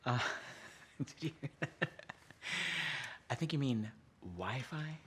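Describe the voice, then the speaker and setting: An actor playing a mocking, condescending boss in a scripted drama. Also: male voice, medium pitch, slow pace, slight background noise, natural voice.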